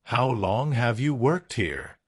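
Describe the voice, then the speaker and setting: A man voicing a firm, commanding male company boss who speaks with measured authority in a storybook. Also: medium pitch, sing-song, husky, no echo, studio quality, full character voice. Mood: stern.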